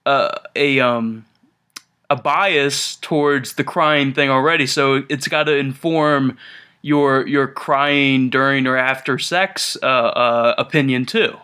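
A man hosting a casual podcast chat, rambling and joking with many halting restarts. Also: mid-range voice, sharp tone, clean tone. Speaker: podcast host. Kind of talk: casual chat over a conference call.

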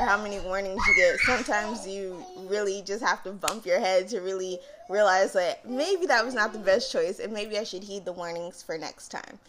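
A young woman hosts a casual solo podcast in a chatty, conversational way. Her voice sits at a middle pitch, and she gets animated and laughs when she acts out a story. Faint background noise sits under the recording. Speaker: podcast host.

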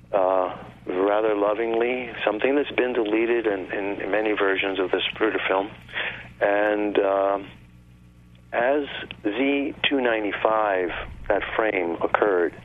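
A man talking on a radio show, explaining at length in an insistent way over a phone line. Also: lowish voice. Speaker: guest. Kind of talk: radio call-in talk.

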